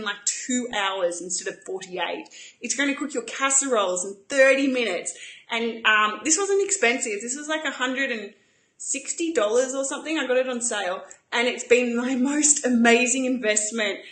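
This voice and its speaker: A woman's voice: on the high side, a bit bright, reverberant. A woman hosting a live cooking demonstration, chatty and enthusiastic. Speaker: cooking show host.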